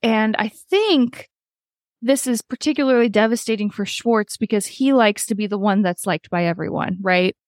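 A podcast host with a medium-pitched voice chats casually through a reality-show recap at a normal speed, swearing freely and acting out quotes. The sound is clean studio audio with no echo.

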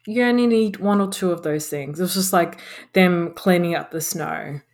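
A woman's voice: lowish voice, moderate pace, a little mellow. A woman co-hosting a podcast, reviewing a bad film in a casual, sarcastic way and swearing freely. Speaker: podcast co-host.

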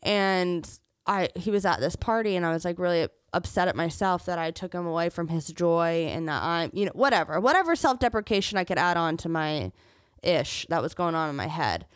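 Fairly quick and animated, a young woman hosting her podcast recounts an emotional personal story with candor, close to tears at times yet tossing in jokes between serious moments. Her lowish voice has a clean tone, recorded at studio quality without echo.

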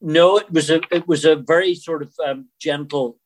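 A man's voice: moderate pace, hardly any pauses. Chatty man, older actor. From Northern Ireland. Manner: chatty storyteller, animated swings in pitch. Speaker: actor guest. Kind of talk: casual interview chat.

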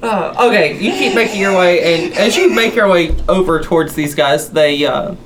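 A game master narrating a tabletop fantasy game in a relaxed, easy way. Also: mid-range voice, normal speed, a crowd in the background.

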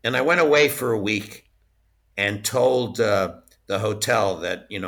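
A man speaks as an interview guest recalling his years in merchandise licensing. His voice sits low but has a bright, forceful edge. He tells stories in a loose, chatty way and often breaks into laughter. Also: unhurried. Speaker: interview guest, former studio licensing executive. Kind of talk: casual anecdotal storytelling.

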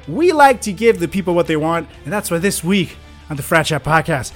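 A man's voice: high voice, lively intonation, moderate pace, hardly any pauses, a bit bright, faint music behind. A man co-hosting a comedy podcast, joking sarcastically and mock-seriously. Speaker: podcast co-host. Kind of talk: casual comedic banter.

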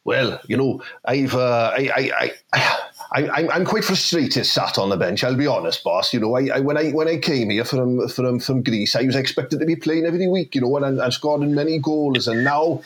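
Stammering young Welsh footballer, played by a man, earnest and frustrated, mid-pitched, comedy sketch. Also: moderate pace, fairly bright tone, lightly acted. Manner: stammering, repeats words.

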